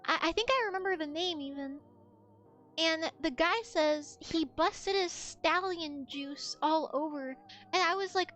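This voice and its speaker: Very high-voiced young woman streamer. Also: moderate pace, soft background music. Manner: crude, animated, acts out quoted friends with rising outbursts. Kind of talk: casual stream chat, storytelling.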